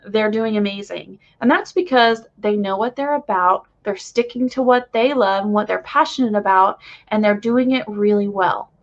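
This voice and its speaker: A young woman whose nose is stuffy from crying gently and reassuringly passes along a channeled spiritual message to viewers. Her voice sits on the high side, and she rambles a bit with fillers. It's a dull, lo-fi home recording.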